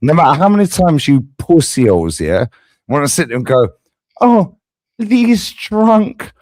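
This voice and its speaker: A livestream host with a mid-range, slightly mellow voice talks a little fast and very animatedly in a dry recording. He runs a heated live fan debate, bantering, swearing and laughing often.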